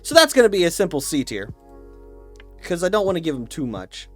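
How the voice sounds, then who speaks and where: A man's voice: on the high side, wildly swooping pitch, brisk, fairly bright tone, soft background music. A man ranting casually and with mock certainty, swearing a lot and rambling through restarts. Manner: opinionated, profane, mock-dogmatic. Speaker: YouTuber ranking snacks.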